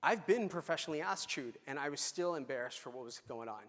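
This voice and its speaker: A man's voice: on the high side, lively intonation, fast, fairly bright tone. A middle-aged man giving a conference talk, telling a story in a conversational way with fillers and restarts. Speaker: conference speaker. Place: large conference hall. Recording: reverberant hall.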